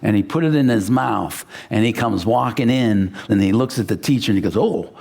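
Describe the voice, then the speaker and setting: A man's voice: on the low side, a little fast, creaky. A middle-aged male pastor from western Pennsylvania, preaching a verse-by-verse sermon and acting out the people in his stories. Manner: animated storyteller, acts out quotes. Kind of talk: sermon with personal story.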